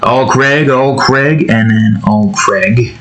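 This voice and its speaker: A young man narrating his digital painting in a loose, rambling way. He mutters to himself as he works, and his voice sits at an ordinary middle pitch. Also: slow pace, a bit bright, rough recording. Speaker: digital artist. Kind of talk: casual narration while drawing.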